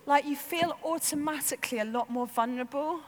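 A woman preaching a sermon in an animated, chatty way, peppering her talk with "like". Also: sits high, a little fast. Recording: long hall reverb.

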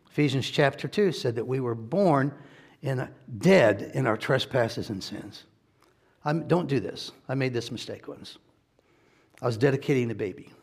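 A male pastor preaches in a loose, conversational style, breaking off for jokes and chuckles. His voice is gravelly with a husky, slightly rough edge. His pitch sits in an ordinary middle range. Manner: conversational and joking, laughs often. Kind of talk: sermon.

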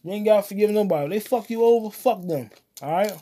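A man hosting his own solo comedy podcast, cursing often and rambling while he eats popcorn, his voice swinging between loud outbursts and mutters. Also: fast talker. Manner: profane, loud swings in volume and pitch; eating popcorn while talking. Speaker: podcast host.

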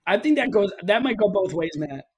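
A man's voice: high voice, very animated, a little fast, husky. A young man hosting a casual podcast, steering segments with jokey banter. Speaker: podcast host. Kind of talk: casual chat.

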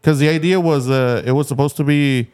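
Swearing, animated middle-aged man. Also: medium pitch, fairly quick, clear, resonant tone. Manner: swears freely, animated storytelling. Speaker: podcast co-host. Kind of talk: casual chat.

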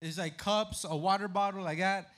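A man on a podcast telling a story in casual chat, loud and profane, shouting out the voices of the crowd. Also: sits high, steady tone, moderate pace. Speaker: podcast guest.

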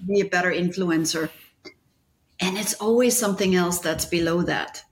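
A woman's voice: on the low side, a little fast, slight background noise. A woman leadership coach as an interview guest, explaining her views in reflective, searching phrases. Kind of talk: casual interview conversation.

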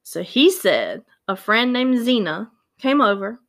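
A woman casually retelling a true-crime case, animated and acting out the quoted voices. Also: fairly high pitch, a little slow.

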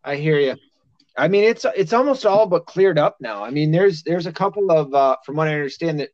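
A man's voice: on the high side, darkish tone, dry recording, dull audio. A man in his thirties hosting a podcast in a casual chat, swearing freely and laughing often. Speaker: podcast host.

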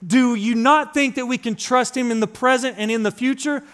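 This sermon comes from a pastor in his thirties whose very high voice stays fairly even in intonation at normal speed. He still shifts between hushed intimacy and loud urgency within a repetitive preaching pattern.

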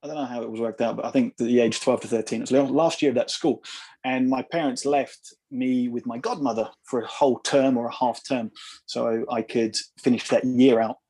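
Husky English man in his thirties, podcast guest; halting, reflective, slight American twang creeping in. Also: mid-range voice, steady tone, dark tone. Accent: English, with an occasional American twang. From England. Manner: reflective, halting, with frequent restarts. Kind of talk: casual conversation.

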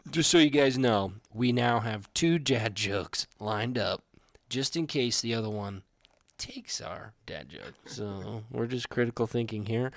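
A young adult man co-hosting a podcast, telling animated, rambling stories in casual chat. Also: mid-range voice, measured pace, gravelly, no echo. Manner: rambling, animated storytelling with restarts. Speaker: podcast co-host.

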